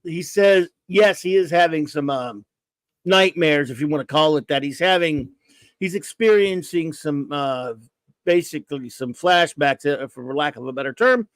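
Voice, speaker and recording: A man's voice: fairly high pitch, moderate pace, no room sound. A man hosting a casual chat, rambling and self-deprecating with lots of restarts. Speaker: host.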